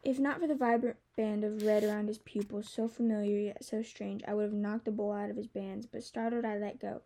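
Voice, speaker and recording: A woman narrating a novel in the first person with an even storytelling delivery. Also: medium pitch, a little fast. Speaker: audiobook narrator.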